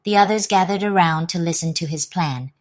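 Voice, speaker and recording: A woman with a British accent reading a children's storybook aloud in a slow, deliberate way. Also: on the low side, dry recording, studio quality.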